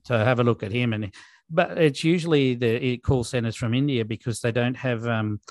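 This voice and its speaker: An Australian man with a middle-pitched voice co-hosts a casual podcast chat. He talks with an exasperated edge and stumbles over his words, repeating them as he restarts. The mic is close and dry. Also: normal speed, a little mellow, dry recording. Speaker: podcast co-host.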